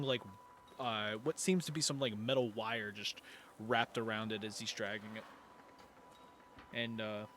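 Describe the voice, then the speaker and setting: A man's voice: mid-range voice, a bit bright, a little hiss or hum. A man running a tabletop game as game master, narrating in a rambling, casual way. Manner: rambling, many fillers and restarts.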